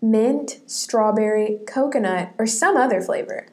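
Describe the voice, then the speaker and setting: A woman's voice: a little high, unhurried, a little mellow. A young woman co-hosting a casual chat podcast, giggly and reading quiz options aloud. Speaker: podcast co-host.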